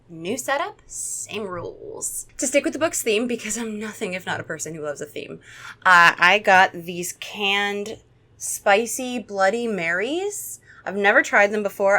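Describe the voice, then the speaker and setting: A woman's voice: mid-range voice, pushed and bright. A young woman hosting a comedy drinking game, reading a kids' horror book aloud with sarcastic running commentary. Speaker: host.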